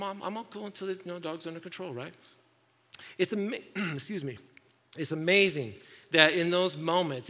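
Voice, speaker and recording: A middle-aged male pastor gives a sermon in a conversational, storytelling manner, turning to the congregation with frequent asides. His voice is bright and forceful and sits somewhat high for a man. The sound has a long reverb tail from a large church hall.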